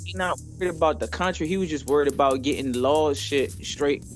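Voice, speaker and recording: A man's voice: fairly high pitch, fairly quick, soft background music. A man co-hosting a podcast, telling stories in loose, profane slang with casual chat energy. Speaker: podcast co-host.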